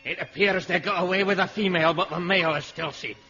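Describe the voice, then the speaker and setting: An actor playing a gruff male police inspector with a Scottish accent, grunting between blunt reports in a 1950s radio comedy. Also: high-pitched, quick pace, sharp tone, soft background music. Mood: deadpan. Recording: dull 1950s radio broadcast.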